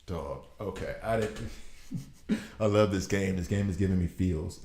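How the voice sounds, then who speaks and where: Exasperated low-voiced man riffing on a game. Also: unhurried, warm tone, slight background noise. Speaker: gaming video host. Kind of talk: casual gameplay commentary. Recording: roomy echo.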